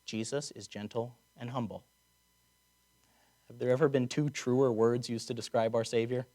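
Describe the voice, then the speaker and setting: A man's voice: mid-range voice, steady tone, dark tone. Man preaching a conversational sermon. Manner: conversational, wry asides, slows to stress key words. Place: chapel or auditorium.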